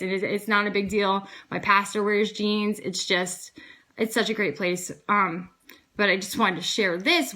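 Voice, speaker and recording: A woman in her thirties with a bright, forceful voice tells a personal faith story in a casual, earnest way. She acts out each exchange, lifting her voice for the other people and trailing into fillers as she goes. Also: mid-range voice. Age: 30s. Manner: earnest, animated retelling with quoted dialogue and frequent fillers. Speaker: vlogger sharing a faith testimony.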